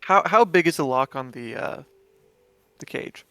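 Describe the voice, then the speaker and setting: A man's voice: fairly high pitch, animated, a little slow, a bit bright, no echo. A man playing a tabletop game, asking questions in a slightly exasperated way. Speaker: player. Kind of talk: casual tabletop play.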